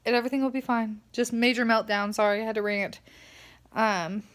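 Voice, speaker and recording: Tired girl ranting on her vlog, kinda high voice, says like a lot. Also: fairly even intonation, brisk. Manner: chatty, rambling, lots of "like" fillers. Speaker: vlogger. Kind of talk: casual vlog rant.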